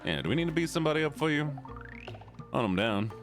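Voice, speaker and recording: A man streaming a game and chatting casually with his audience, goofy and playful, slipping into a put-on southern drawl and deep joke voices. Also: big pitch swings, fast talker, music in the background. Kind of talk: casual chat with a live stream audience while gaming.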